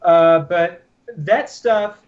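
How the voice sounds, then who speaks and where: Slightly high voiced guy, deadpan jokes, muffled lo-fi call audio. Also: drawn-out words. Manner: deadpan joking. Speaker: podcast co-host. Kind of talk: joking casual chat.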